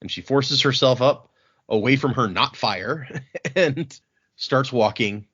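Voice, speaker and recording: A man hosting a podcast, recapping chapters in a casual, animated way with frequent laughs and restarts. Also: mid-range voice, takes it slowly, husky. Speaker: podcast host recapping a book. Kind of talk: casual book-club chat. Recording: dull lo-fi podcast audio.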